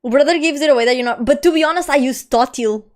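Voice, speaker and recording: A young woman with a light Portuguese accent and a fairly high voice, chatting away on a live stream. She talks in a loose, rambling way, laughs often and swears without a second thought. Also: fast. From Portugal, Lisbon. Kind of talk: casual live-stream chat.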